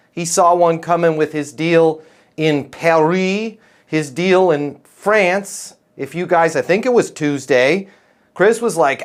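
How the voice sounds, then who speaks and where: A man coaching a group of salespeople in a live training session, talking in a folksy, animated way. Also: on the high side. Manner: acts out quotes in different voices.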